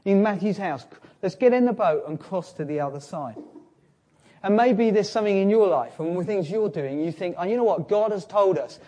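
A man preaching a sermon with a fairly high voice. He tells the story in an animated way, pushing some lines loud and dropping others to a near hush. His pitch rises and falls widely as he acts out each scene. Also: moderate pace.

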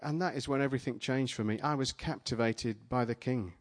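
A man preaching a sermon, retelling a vision in the first person, dramatic at first and then playful and energetic with volunteers in front of a live congregation. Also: mid-range voice, a little fast. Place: church gathering with a live audience.

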